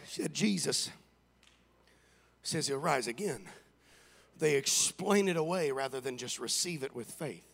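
A man's voice: medium pitch, animated, gravelly, a bit bright, slightly rough. A man preaching a Sunday sermon in a fervent, rhythmic style, with repeated declarations and many "uh" fillers. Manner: fills pauses with frequent "uh". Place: church on a Sunday morning.

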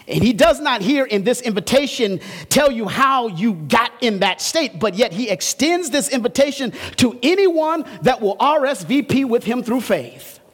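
A man with a notably high-pitched voice delivers a sermon from the pulpit. He swings between soft, low explanation and fervent, climbing refrains. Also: lively intonation, moderate pace, few pauses, husky. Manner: impassioned preaching, rising in pitch on repeated refrains. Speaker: pastor.

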